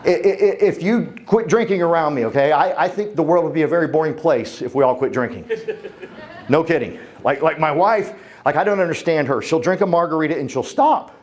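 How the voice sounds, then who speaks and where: This man in his 50s speaks on the high side, fairly quickly, with a slightly mellow tone. As a keynote speaker on a conference stage, he's fervent and funny, engaging the crowd with motivation.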